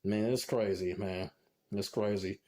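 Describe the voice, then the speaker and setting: A man's voice: fairly low pitch, flat delivery, a little slow, dark tone. A man commentating on fighting games in a ranting, profane way, groaning in disbelief over and over. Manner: profane and exasperated, repeats "oh my God, man".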